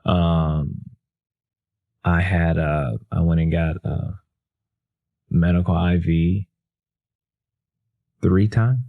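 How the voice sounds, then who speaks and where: A man's voice: sits low, steady tone, drawn-out words, creaky, pauses often, narrow, tinny audio. A man, a motivational speaker, telling stories in a casual, self-deprecating way with lots of fillers and restarts. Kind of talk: casual storytelling.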